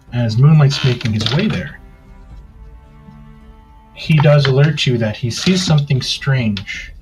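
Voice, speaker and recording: Man, game master, calm descriptive narration over faint music. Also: medium pitch, poor audio. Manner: descriptive second-person narration, unhurried.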